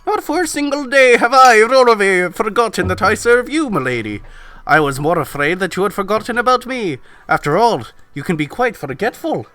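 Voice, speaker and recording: Man putting on a high, mock-Scottish demon butler. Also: animated, normal speed. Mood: courtly. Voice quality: high, loud, theatrical. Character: elegant loyal male demon butler. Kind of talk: reading a visual novel aloud.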